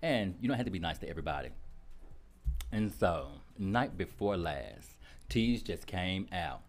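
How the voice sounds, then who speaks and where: Animated low-voiced man telling a story. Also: unhurried. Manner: expressive, laughs often, acts out dialogue. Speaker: radio show regular, gossip segment.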